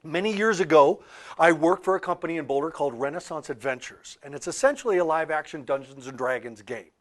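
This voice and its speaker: A man telling a story in a talk about archetypes, animated, with loud peaks and quiet asides. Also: fairly high pitch, quick pace. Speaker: author and speaker on archetypes.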